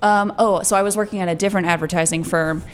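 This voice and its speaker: A woman's voice: medium pitch, steady tone, fast. A young woman comedian, a guest chatting casually in an interview, laughing a lot and filling with "like" and "um". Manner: chatty, laughing, lots of fillers.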